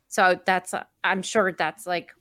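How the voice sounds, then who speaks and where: A young woman co-hosting a casual chat, telling a story in a chatty, drawn-out way with many fillers. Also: fairly low pitch, level tone, sharp tone, dry recording, studio quality.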